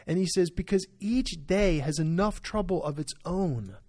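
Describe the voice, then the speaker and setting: Earnest, higher-voiced pastor on a podcast. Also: male voice, moderate pace, a little mellow. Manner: earnest, emphatic, full of "right?" tag questions. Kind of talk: podcast discussion.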